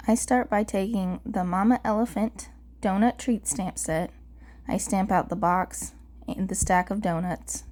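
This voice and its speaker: A young adult woman narrating a craft card-making tutorial voice-over, calm and methodical, her voice crackly from the early morning. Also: mid-range voice, unhurried.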